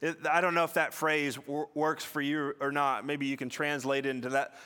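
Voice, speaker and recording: A man preaching a sermon in an earnest teaching manner, often repeating words and slowing down to stress a point. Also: on the high side, level tone, pushed and bright, smooth. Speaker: pastor.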